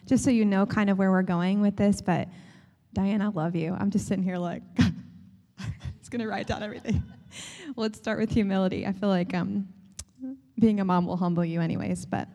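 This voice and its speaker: A woman's voice: medium pitch, normal speed, big-room sound. Candid woman leading a church panel. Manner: relaxed and candid, reads out submitted questions. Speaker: co-host leading questions.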